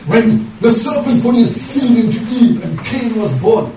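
A man's voice: very high voice, expressive, a little slow, mellow, a little hiss or hum. A man preaching a fervent sermon, driving his points home with repeated rhetorical questions. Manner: impassioned, rhetorical, checks in with 'yeah?'. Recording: echoey room from far off, music underneath. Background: music.

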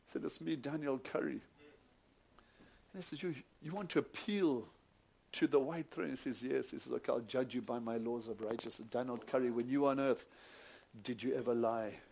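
A male preacher, moving between hushed retelling of a story and loud, emphatic preaching. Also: mid-range voice, fairly even intonation, normal speed, vocal fry, slight background noise. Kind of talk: sermon with storytelling.

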